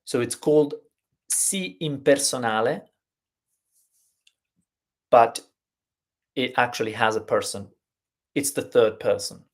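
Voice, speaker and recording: A man with an Italian accent, a native Italian speaker, teaching Italian pronunciation in a live stream and explaining patiently step by step. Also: mid-range voice. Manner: unhurried, explains step by step, repeats words slowly.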